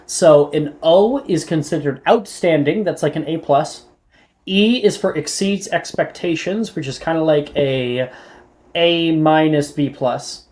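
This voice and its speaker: Chatty game master, mid-pitched. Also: a little slow, darkish tone. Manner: casual, many "like" fillers. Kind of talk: running a tabletop game.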